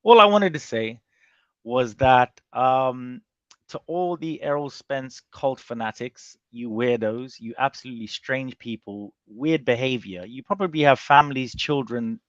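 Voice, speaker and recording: A man speaks as a panelist on a call, with animated, rambling talk full of restarts. His voice is dry and a little dull, as if from a home mic. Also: medium pitch, a little slow, no room sound. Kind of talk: casual chat on a boxing panel show.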